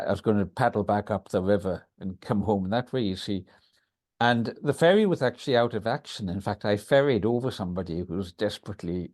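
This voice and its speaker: A Scottish man, a guest on a podcast, tells stories conversationally. He speaks in a somewhat low voice, and it jumps upward when he gets excited. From Scotland, Isle of Lewis. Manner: animated storyteller, pitch leaps when excited. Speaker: guest, writer. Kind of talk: conversational storytelling.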